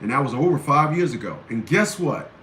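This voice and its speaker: A man's voice: mid-range voice, very animated, fairly quick, a bit bright. A male show host giving blunt, combative commentary and hammering his points home with repetition. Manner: blunt, combative, repeats phrases for emphasis. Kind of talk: ranting commentary. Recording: roomy echo, faint background noise.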